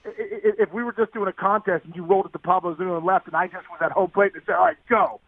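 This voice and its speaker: A man telling a long sports story in a podcast interview, animated and tumbling over his words with restarts. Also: high-pitched, rapid-fire, creaky, no room sound. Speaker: guest, former baseball player. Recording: dry, phone-like line.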